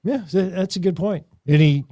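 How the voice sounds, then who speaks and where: A man's voice: high-pitched, normal speed, warm tone, no echo, clean studio sound. A man hosting a podcast, chiming in casually and summing up his guest's stories. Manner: chimes in, sums up. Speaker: podcast host. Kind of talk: casual chat.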